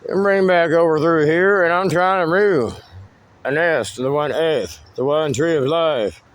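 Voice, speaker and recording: Man, slightly high voice, rambling, cryptic, profane, walking tour outdoors in the woods. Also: unhurried. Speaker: vlogger giving a tour of his land.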